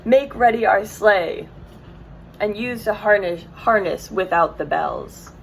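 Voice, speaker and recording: A woman's voice: medium pitch, slow pace, gravelly, a little hiss or hum, low-quality recording. A woman voicing a cruel, imperious witch queen who gives cold commands, in a read-aloud storybook. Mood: commanding.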